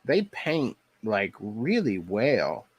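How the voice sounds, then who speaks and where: A man's voice: lowish voice, sing-song, drawn-out words, husky, dry recording. A man with a Texas twang, chatting casually with viewers while painting on a crafts live stream. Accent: Texan.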